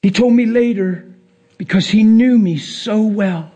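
Man, pastor, impassioned sermon, high voice, husky, in a church. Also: measured pace, warm tone. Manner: impassioned preaching with big pitch swings.

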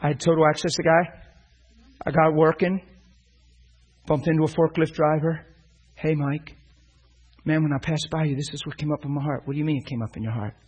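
A man's voice: fairly high pitch, fairly even intonation, a little fast, pauses often, husky, low-quality recording. A middle-aged man preaching, telling a personal story and acting out the dialogue with animation. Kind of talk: sermon storytelling.

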